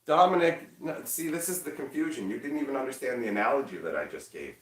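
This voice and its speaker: A man chatting casually on a livestream, loud and energetic, teasing his chat. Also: mid-range voice, quick pace, echoey room, recorded from a distance. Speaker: streamer.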